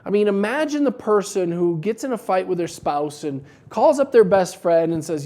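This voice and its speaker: A man with a mellow, warm voice talks casually to camera, giving business advice with a wry, joking edge. He tells animated little stories to make his point. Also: high-pitched, moderate pace, hardly any pauses. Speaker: business coach for dental practices.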